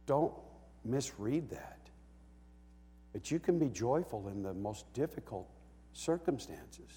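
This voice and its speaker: A man preaching a sermon as a pastor, swinging from quiet talk to loud bellowing as he acts out a psalm writer's cries. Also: mid-range voice, animated, slow, in a large hall.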